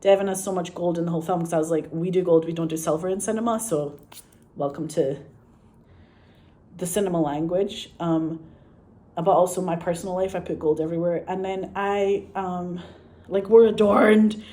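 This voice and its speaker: A middle-aged woman from Scotland with a Glaswegian accent talks to camera in a loose, rambling way. Her voice sits fairly low with a warm, mellow tone. She swears freely and laughs often as she chats about her work as a director. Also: steady tone, normal speed. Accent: Glaswegian Scottish. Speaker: film director. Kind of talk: casual chat to camera.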